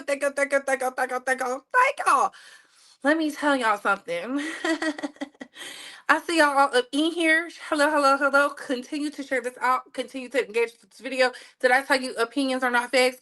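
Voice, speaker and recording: A woman's voice: high-pitched, sharp tone. A woman hosting a casual live stream, chatting playfully with viewers and repeating her phrases. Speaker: livestream host.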